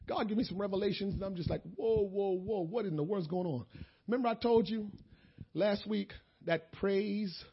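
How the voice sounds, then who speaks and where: High-voiced preacher man, shouting sermon. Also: breathy edge, lo-fi sound. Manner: impassioned preaching, swelling to shouts. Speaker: pastor.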